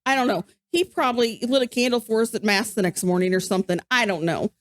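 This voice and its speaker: A woman, co-hosting a podcast and telling a story in casual chat, animated and acting out what people said. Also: on the high side, fast. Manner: animated, acts out quoted voices. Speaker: podcast co-host.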